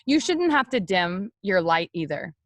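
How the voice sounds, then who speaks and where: A young woman leading a team, giving a loud, energetic, chatty motivational talk straight to her viewers on a live stream. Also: fairly low pitch, measured pace, no room sound. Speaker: network marketing team leader on a live stream.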